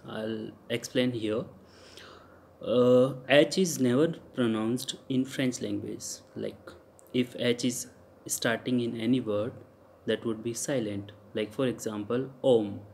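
A man with an Indian English accent giving a recorded lecture, spelling out letters and repeating example words slowly for students. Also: medium pitch, a little mellow, slight background noise. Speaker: teacher. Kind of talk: recorded lecture on French pronunciation.

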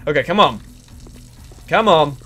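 Excitable man with a lively voice. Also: a little high, a little slow, soft background music. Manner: excitable, crude, chats to game characters. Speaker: gaming channel host. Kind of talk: let's play commentary.

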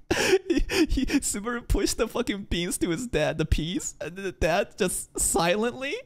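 A man's voice: high voice, animated, moderate pace. A man giving casual, profane, joking commentary as he reacts to an anime episode.

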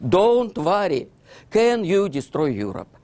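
A Russian-accented man voicing a sly male dictator in a high, wheedling tone during a lecture. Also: very animated, slow pace, a little mellow, exaggerated voice. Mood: coaxing.

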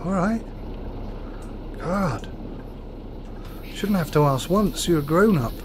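A man's voice: a little high, lively intonation, slow pace, background noise. A man hosting a let's play, chatting and joking his way through a bus driving game. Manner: chatty, joking, self-deprecating. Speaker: gaming channel host.

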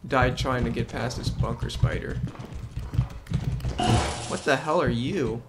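A man's voice: mid-range voice, a little slow, very noisy. A man playing a co-op video game with friends in casual chat, yelping when startled and cooing baby-talk at a creature. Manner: excitable, yelps and baby-talk. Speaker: gamer.

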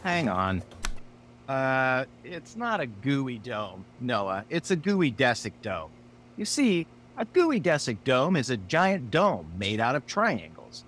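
Unhurried, animated man. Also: mid-range voice, slight background noise. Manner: animated, exasperated, playful. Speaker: podcast co-host. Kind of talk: scripted comedy banter.

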